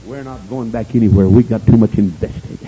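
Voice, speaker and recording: Man voicing a grieving old widow, weary, stubborn, low voice, muffled old recording, faint hiss. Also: brisk, lightly acted. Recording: dull hissy old recording.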